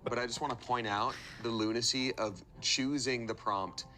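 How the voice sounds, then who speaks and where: A man's voice: medium pitch, steady tone, moderate pace, sharp tone, faint music behind. A man playing a comedy party game, making dry, offhand jokes. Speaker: game show player. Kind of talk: casual comedic banter.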